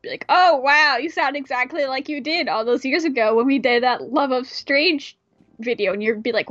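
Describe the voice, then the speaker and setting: A woman reading a visual novel aloud and chatting, animated and joking, swearing often. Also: sits high, moderate pace, dry recording, faint music behind. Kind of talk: casual let's play chat and reading. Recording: dry, slightly muffled mic.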